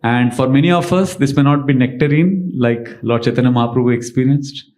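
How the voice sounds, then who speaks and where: Man giving an animated devotional lecture. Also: mid-range voice, a little fast. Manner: animated storytelling with emphatic rhetorical questions. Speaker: spiritual teacher. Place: temple lecture hall.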